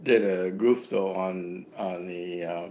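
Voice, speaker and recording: A man co-hosting a casual live stream from home, adding brief low-key remarks. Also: fairly even intonation, takes it slowly, darkish tone, a little hiss or hum.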